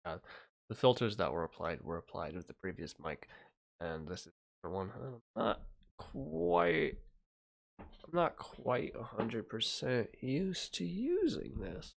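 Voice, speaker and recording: A man's voice: medium pitch, very animated, slow pace, gravelly. A man chatting casually on his livestream, mumbling and thinking aloud as he fixes his audio at a desk microphone.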